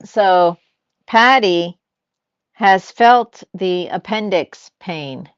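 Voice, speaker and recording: A woman's voice: mid-range voice, extremely slow, clear, resonant tone, no room sound, dull audio. An older woman chatting casually as a host, telling family stories and acting out what people said. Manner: storytelling, acts out quoted lines. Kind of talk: casual chat.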